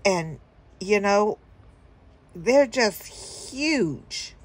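A woman's voice: medium pitch, lively intonation, drawn-out words, husky. A woman telling a story casually to her viewers, rambling with fillers and chuckling now and then. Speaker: vlogger.

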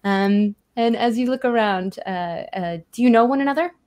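A woman's voice: fairly high pitch, normal speed, a little mellow. Chatty woman running a tabletop game. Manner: chatty with many fillers. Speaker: game master. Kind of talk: narrating a tabletop horror game.

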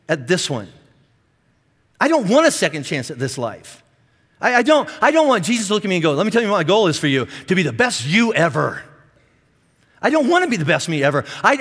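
A male pastor with a notably high voice, preaching in an animated, joking way. His words ring out with a long reverb, as in a big church auditorium. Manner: animated, self-deprecating joking with the congregation. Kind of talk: sermon.

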